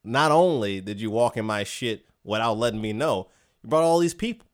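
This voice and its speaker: A man's voice: lowish voice, animated, normal speed, pitched below the performer's own voice, lightly acted. Man voicing a brash, swaggering sphinx. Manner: swaggering, street-talking, cursing. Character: brash male desert sphinx guarding a pass.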